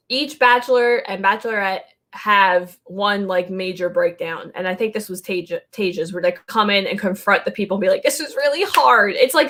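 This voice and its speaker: A woman's voice: mid-range voice, a bit bright. A woman co-hosting a podcast in casual chat, talkative, laughing often and filling her talk with "like" and "um". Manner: chatty, laughs often, many "like"s and "um"s. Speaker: podcast co-host.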